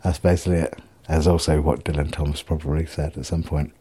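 Deep-voiced, husky man, middle-aged, for a rambling, sweary solo vlog. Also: fairly even intonation, quick pace, dark tone. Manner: rambling, self-mocking, sweary. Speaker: vlogger. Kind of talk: casual solo video diary.

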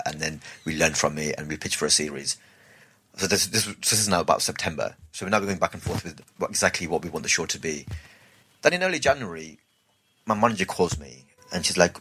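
A male comedian, chatting casually and telling a story with lively acted-out voices. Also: sits low, fast, slightly rough. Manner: animated storytelling, acts out quoted voices. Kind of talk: casual podcast chat.

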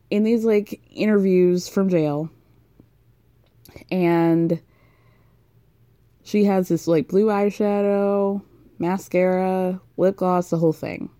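A woman's voice: medium pitch, mellow, no echo. A woman hosting a casual recap, talking frankly, swearing freely and leaning on fillers. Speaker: podcast host recapping a reality show.

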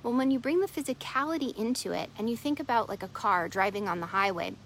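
A middle-aged woman coach telling a parable, expressive with soft hushed moments. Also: fairly high pitch, fast, slight background noise, low-quality recording. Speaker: wellness coach. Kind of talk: storytelling talk.

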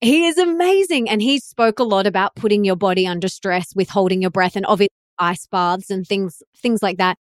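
A woman's voice: medium pitch, fairly quick, hardly any pauses, no room sound, studio quality. A woman hosting a podcast in casual conversation, enthusiastic and affirming. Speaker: podcast host.

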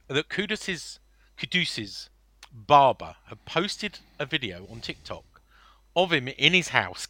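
Lively, forceful male podcast host. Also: mid-range voice, no room sound. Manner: animated, defensive storytelling. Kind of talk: casual football podcast chat.

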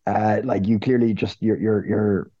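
An Irish man co-hosting a podcast, telling stories in casual chat, animated and cursing freely. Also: on the low side, measured pace, dull audio. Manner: animated, swears freely, repeats words while storytelling. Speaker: podcast co-host.

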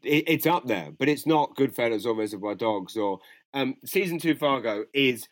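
A man's voice: mid-range voice, expressive, moderate pace, no echo. A man, co-hosting a casual chat and rambling through strong, profane opinions. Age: 40s. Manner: rambling, opinionated, swears freely. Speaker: podcast co-host.

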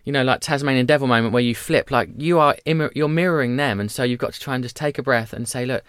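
Man, thirties, podcast guest, fast, smooth clear voice, dry close sound. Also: medium pitch, no room sound. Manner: animated storyteller, quick, acts out voices. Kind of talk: candid conversational chat.

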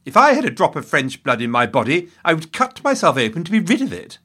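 Male narrator putting on a blustering nobleman, loud and boastful; history podcast. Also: on the high side, huge pitch swings, quick pace, slightly rough, pitched above the performer's own voice, heavily acted. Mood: scornful. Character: blustering English nobleman, scornful of the French.

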